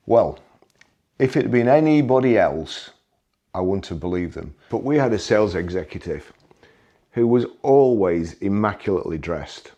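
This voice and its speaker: Deep, mellow-voiced man, relaxed and wry, for first-person memoir storytelling. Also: normal speed, lo-fi sound. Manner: wry, conversational, occasional restarts. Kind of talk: anecdotal storytelling.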